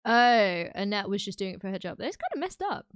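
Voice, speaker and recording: A woman's voice: mid-range voice, sing-song, fairly quick, no room sound. A young woman streaming live, chatting casually with her viewers, giggling often and filling her talk with "like" and "um". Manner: chatty, giggly, lots of fillers.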